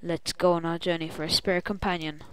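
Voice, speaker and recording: A woman's voice: lowish voice, level tone, fast talker, noisy background. A woman playing a video game and acting as game master, reading a quest aloud with drama and yelping when things go wrong. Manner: reads dramatically, then yelps and complains.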